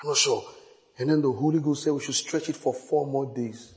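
A middle-aged pastor preaches a sermon, telling stories full of repetition that break into sudden loud, high outbursts and drop into quiet, hushed asides. He speaks fairly quickly, and the recording carries a long hall reverb.

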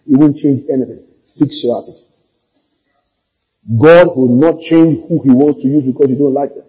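A man's voice: mid-range voice, normal speed, breathy edge, muffled recording. A male pastor preaching a sermon, telling stories and calling for amens. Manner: storytelling, animated, calls for amens.

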